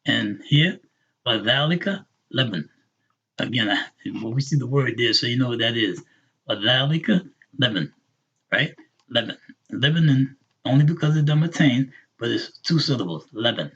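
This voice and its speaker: A man teaching an introductory Arabic class, patiently repeating words slowly for his learners. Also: medium pitch, animated, a bit bright, husky. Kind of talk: online class lesson. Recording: dull lo-fi recording.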